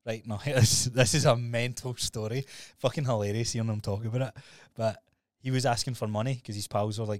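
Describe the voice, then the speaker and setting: A man co-hosting a podcast, telling stories in a sweary, animated, casual way. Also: mid-range voice, a little fast, dry recording, clean studio sound. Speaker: podcast co-host.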